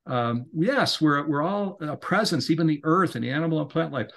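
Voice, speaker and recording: A middle-aged man, a podcast guest, talking in an earnest, rambling way that grows animated when he is inspired. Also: a little high, normal speed, vocal fry. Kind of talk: casual interview talk.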